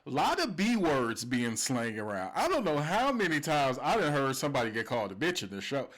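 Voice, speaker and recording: Lively, laughing male podcast co-host. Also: mid-range voice, a little fast. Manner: animated, laughing, repeats and restarts, drops to a soft hushed voice. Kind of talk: casual chat.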